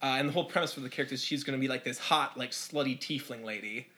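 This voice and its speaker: A man's voice: mid-range voice, rapid-fire, pushed and bright. A man talking as a podcast guest in a casual chat, who rambles with lots of fillers. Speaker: podcast guest, dungeon master.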